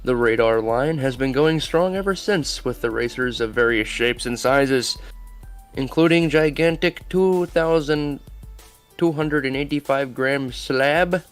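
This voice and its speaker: A man's voice: mid-range voice, unhurried, smooth, soft background music. A man co-hosting a podcast, reading an article aloud with wry asides. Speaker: podcast co-host.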